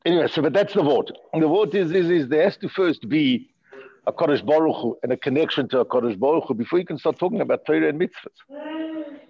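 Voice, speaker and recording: In a study hall, a Torah teacher gives an informal Talmudic class in a fairly high, husky, animated voice at a quick pace. He explains the texts with many restarts, jokey asides and Yiddish-inflected phrasing, and the recording sounds muffled.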